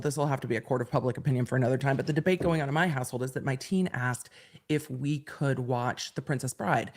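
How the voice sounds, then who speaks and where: A woman in her forties with a low voice talks to her viewers in a loose, rambling way. She laughs easily and hosts a casual livestream from a home studio. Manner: chatty, rambling, quick to laugh. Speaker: livestream host.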